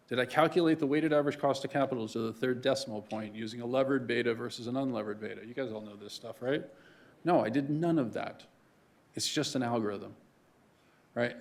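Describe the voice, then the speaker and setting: A man giving a conversational lecture to a room of students as a guest speaker, often checking in with "right?". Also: medium pitch. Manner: conversational, keeps asking "right?".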